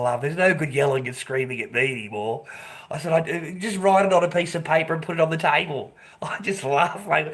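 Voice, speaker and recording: A vlogger rants casually to the camera in a slightly high voice, talking a little fast. He swears constantly and keeps repeating himself over a noisy background.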